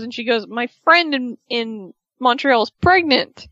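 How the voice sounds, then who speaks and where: Female podcast co-host, fairly high voice, animated storyteller who mimics quotes; dull, dry lo-fi recording. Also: fairly quick, few pauses, no echo. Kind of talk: casual chat recapping a reality show.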